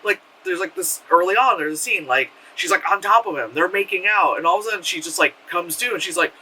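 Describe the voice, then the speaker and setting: A man's voice: high voice, fast, breathy edge, distant mic, poor audio. A man giving a casual, rambling film review, filled with "like" and casual swearing. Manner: rambling and animated, heavy on "like", swears freely. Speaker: movie reviewer.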